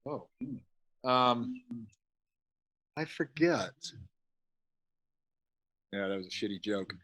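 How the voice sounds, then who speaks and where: A man's voice: medium pitch, expressive, slow, a bit bright, poor audio. Middle-aged man, podcast guest, loose jokey rambler who curses freely. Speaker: guest, special effects artist. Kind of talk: casual podcast interview.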